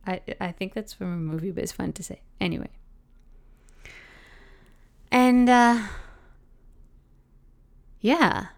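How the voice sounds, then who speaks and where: A woman's voice: mid-range voice, slow pace, vocal fry, long pauses. A woman with a Canadian accent telling a reflective personal story in a conversational, thoughtful way, often dropping in "like". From Britain, raised in Canada. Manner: conversational, thoughtful, frequent 'like' fillers.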